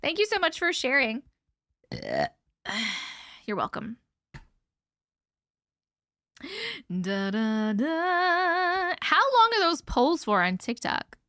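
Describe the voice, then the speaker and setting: Woman host, chatty livestream story reader; bright, lively voice, dry close sound. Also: high-pitched, a little slow, no room sound. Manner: chatty, laughs often, swears casually. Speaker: host reading viewer stories. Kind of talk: casual livestream chat and story reading.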